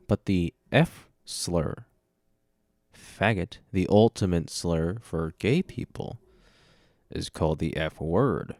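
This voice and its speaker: Young man, podcast host, very low voice, dry close mic, rambling self-mocking chat. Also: darkish tone, no echo. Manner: rambling, self-deprecating, jokey asides. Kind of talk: solo casual chat. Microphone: dynamic microphone up close.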